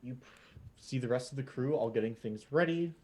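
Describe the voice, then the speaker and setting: Male game master, mid-pitch, loose relaxed narration, lots of fillers. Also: brisk.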